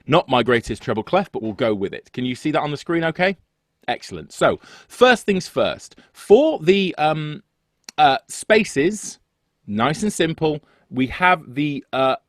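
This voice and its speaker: A man's voice: on the high side, very animated, moderate pace, no room sound. Chatty male music teacher, dry sound. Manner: chatty, rambling, self-deprecating. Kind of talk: online music theory lesson. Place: home setup with two screens. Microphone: desk microphone on a video call.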